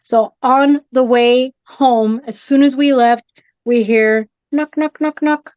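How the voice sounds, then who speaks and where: High-voiced excitable woman, dull dry sound. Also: takes it slowly, no echo. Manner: animated, jumpy, acts out scared reactions. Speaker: guest, shop owner and horror collector. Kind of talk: excited storytelling in a podcast chat. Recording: dull dry podcast audio.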